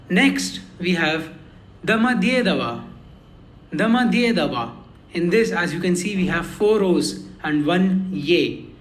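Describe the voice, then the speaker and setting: A man with a high voice walks through a lesson at an unhurried pace, repeating each word carefully. The sound is roomy and echoey. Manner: slow and careful, repeats words for pronunciation. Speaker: language learner teaching lessons. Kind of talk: slow explanatory lesson.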